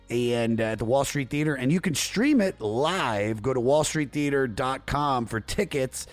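Man, podcast host, brisk offhand delivery, faint music behind. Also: medium pitch. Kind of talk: casual podcast chat.

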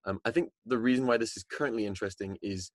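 A man with a fairly low voice co-hosts a podcast, thinking aloud as he talks. He restarts often and fills gaps with casual asides. His voice sounds close and dry. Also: fast, no room sound. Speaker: podcast co-host. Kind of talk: casual discussion.

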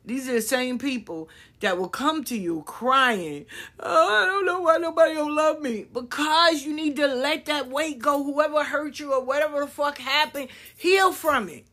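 A woman speaking her mind in a casual monologue, blunt and profane, acting out other people's lines as she goes. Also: sits high. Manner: blunt, profane, animated storytelling with acted-out quotes.

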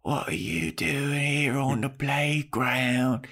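A man imitating an eerie, dreamy female vampire with an odd accent, in a high, drawn-out, sing-song way. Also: fairly even intonation, vocal fry, fairly bright tone, exaggerated voice. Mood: mocking eerie.

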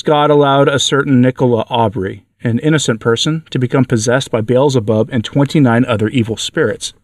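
A man's voice: medium pitch, dry recording, clean studio sound. Man solemnly reading a story. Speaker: podcast reader. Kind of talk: scripted narration of a religious story.

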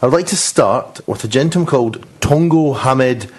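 Husky pundit telling stories. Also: male voice, medium pitch, normal speed. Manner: animated storyteller, relishes the anecdotes. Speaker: podcast regular. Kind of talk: casual football podcast storytelling.

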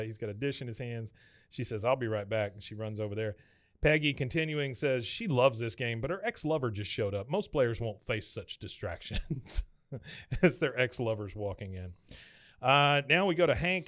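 A man hosting a podcast who casually retells an episode scene by scene, often laughing and slipping into quick quotes. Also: medium pitch, a bit bright, dry recording, studio quality. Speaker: podcast host.

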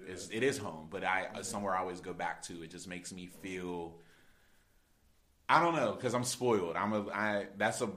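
A man's voice: deep voice, moderate pace, echoey room. A young man hosting a podcast, talking casually and rambling through stories. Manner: rambling, animated storyteller. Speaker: podcast host. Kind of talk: casual chat.

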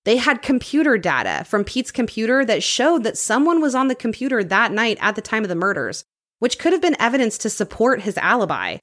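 A woman co-hosting a true crime podcast, telling the case in a lively, storytelling way and reading details aloud. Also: fairly high pitch, fairly quick. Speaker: podcast co-host.

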